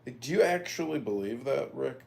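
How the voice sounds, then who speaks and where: A man's voice: medium pitch, lively intonation, a little fast, gravelly, a little mellow. A man in a casual group chat, asking probing questions.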